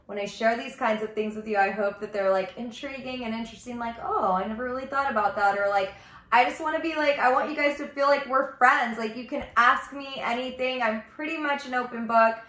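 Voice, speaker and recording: A woman's voice: a little high, a little fast, a bit bright. Chatty woman, echoey room. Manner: chatty, heavy use of "like", earnest and confiding. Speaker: ministry vlogger. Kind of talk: casual personal testimony vlog.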